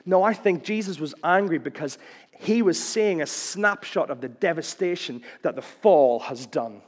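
Male preacher with a slightly high voice, chatty and wry, recorded with long hall reverb. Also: lively intonation, normal speed. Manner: conversational, with wry jokes and questions. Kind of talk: sermon.

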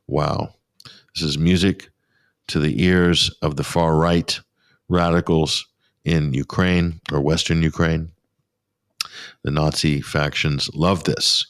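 A man's voice: extremely low pitch, flat delivery, normal speed, no room sound. A man hosting a radio show, giving sarcastic, scornful political commentary from a pop-up studio.

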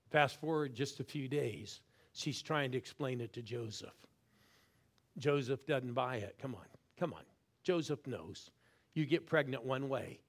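Middle-aged guy preaching, gets loud then drops to near whisper, keeps egging the crowd on. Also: mid-range voice. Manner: animated, swings from loud calls to quiet intense asides; urges the crowd to respond. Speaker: guest preacher. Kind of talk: sermon.

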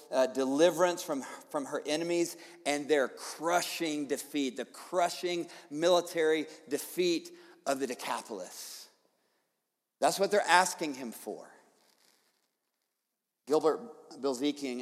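A man preaching a sermon as pastor, in an animated, conversational way with quick casual asides. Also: a little high. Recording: long hall reverb.

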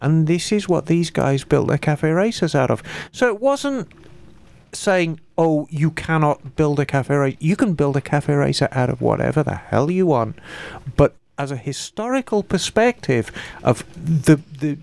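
A woman co-hosting a casual podcast, reading out a listener email with animated, emphatic asides. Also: sits low, unhurried, gravelly, dry recording. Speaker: podcast co-host.

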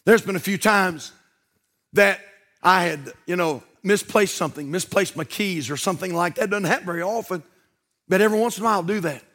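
A man's voice: high-pitched, brisk, a bit bright. A male pastor preaching a sermon in a folksy, conversational way that builds in intensity.

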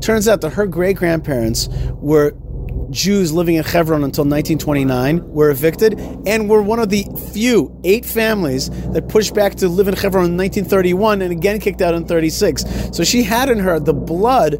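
A man hosting a podcast, telling stories in a lively, animated way with many restarts. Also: high voice, normal speed, noisy background. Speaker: host. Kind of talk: casual podcast conversation.

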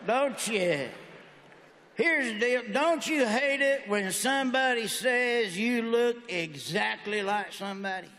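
A man's voice: extremely high pitch, slow pace, pushed and bright. A middle-aged man with a Southern American accent doing a stand-up routine, drawling through stories and acting out the people in them. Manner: drawling storyteller, acts out characters. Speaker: stand-up comedian. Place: large auditorium on stage. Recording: live hall reverb, faint ambience.

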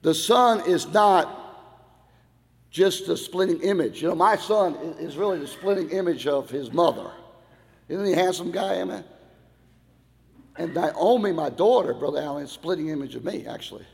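A middle-aged man, a pastor, preaching an old-time Baptist sermon in a church, going from quiet talk to loud shouted passages. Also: on the high side, lively intonation, moderate pace, creaky, a little hiss or hum. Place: church hall. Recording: long hall reverb.

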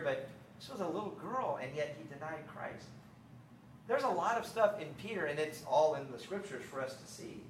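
A middle-aged man giving a sermon, telling stories lively and then turning quiet and reflective. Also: fairly high pitch, slight background noise. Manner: animated storytelling, acting out scripture dialogue. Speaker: speaker on faith and parenting. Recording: roomy echo, mic at a distance.

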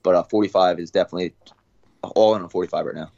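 A young adult man, a fighter guest, talking through his training routine in a relaxed, casual way. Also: sits low, vocal fry, muffled recording. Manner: relaxed, talks fast with fillers and restarts. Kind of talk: casual interview.

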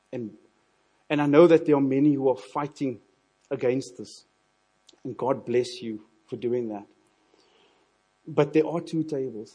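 Husky preacher, dark tone. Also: male voice, medium pitch. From South Africa. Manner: earnest, repeats words when building a point. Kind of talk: sermon.

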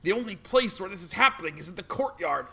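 A woman's voice: lowish voice, expressive, fast, creaky, pushed and bright, slightly rough, full character voice. A woman voicing a nervous, polite male gate guard who stammers and hesitates.

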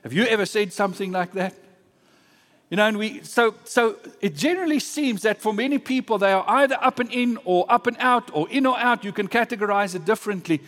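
A man preaching a sermon as a pastor, earnest and emphatic, slowing down to stress key phrases. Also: high-pitched, expressive, fairly bright tone. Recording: long hall reverb.

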